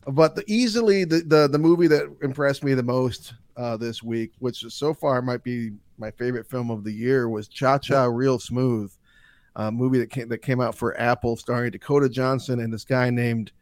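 A man's voice: medium pitch, steady tone, normal speed, a little mellow, no room sound, clean studio sound. A man co-hosting a podcast, talking through the films he watched in a loose, rambling way. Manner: rambling, full of fillers and restarts. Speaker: podcast co-host. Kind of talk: casual movie chat.

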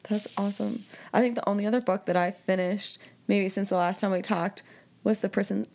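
Young female co-host, mid-pitched, dry and teasing, relaxed chat. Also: brisk. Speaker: podcast co-host. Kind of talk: casual chat.

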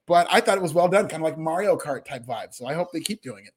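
A man's voice: fairly high pitch, animated, fast talker, husky. A man co-hosting a casual podcast, sharing gushing, enthusiastic opinions. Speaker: podcast co-host. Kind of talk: casual wrestling podcast chat.

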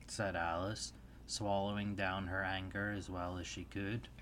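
A man narrating a read-aloud storybook in a steady, even way. His voice sits a little low for a man, with a faint hiss in the background. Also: a little slow.

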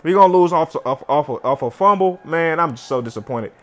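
A man commentating his own football video game play, chatty and slangy, swinging from loud yelling to low muttering. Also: lively intonation, normal speed. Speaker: gamer.

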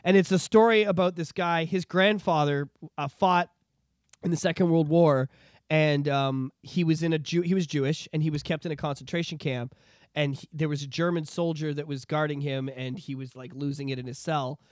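Man from Canada, high-pitched, dry close sound, animated swearing rant, podcast host. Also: moderate pace, no room sound. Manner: animated, profane ranting with repetitions. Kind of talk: casual political chat.

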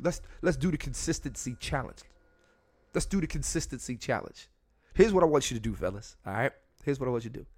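Man, podcast host, casual solo rant, profane and blunt, repeats himself, pitch jumps around a lot. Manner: profane, blunt, talks straight to the listeners; repeats words and restarts often. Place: home room near a window.

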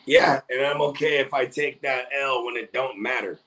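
A man's voice: mid-range voice, normal speed, pushed and bright. A young man co-hosting a fantasy football stream, bantering in a joking, slangy way. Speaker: stream co-host. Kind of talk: casual stream chat.

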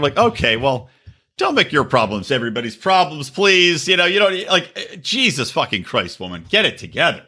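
A man co-hosting a podcast, swearing freely as he recaps a reality show with lively mimicry. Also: normal speed. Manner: profane, animated storytelling with shrill mimicry. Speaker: podcast co-host. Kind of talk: crude casual chat, recapping a reality show.

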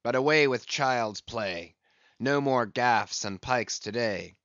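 A man doing a brooding, obsessed old sea captain from an audiobook, giving commands in slow, weighty, old-fashioned speech. His voice is plain in pitch, and the dry recording sounds a little dull. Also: fairly bright tone, no room sound. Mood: intense. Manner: passionate, commanding, archaic speech.

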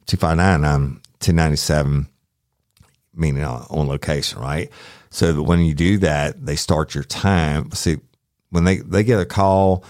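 A middle-aged man tells a true-crime story in a rambling, profane way, acting out what people said. His voice sits extremely low and deep. The recording is dry and close, with no room sound. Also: a little mellow, no room sound. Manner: rambling, profane, acts out quotes. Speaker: podcast host, former sheriff's deputy.

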